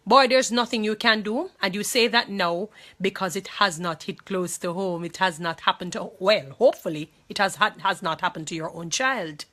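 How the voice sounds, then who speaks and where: A woman's voice: mid-range voice, sharp tone. A woman with a Jamaican accent, speaking to viewers in an impassioned monologue. She talks emphatically, repeats phrases and pleads, distressed and angry.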